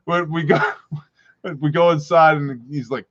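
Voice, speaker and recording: A man hosting a livestream, telling an animated story and laughing often as he acts out the other people's voices. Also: fairly high pitch, unhurried. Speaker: prepper channel host. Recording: dull lo-fi livestream audio.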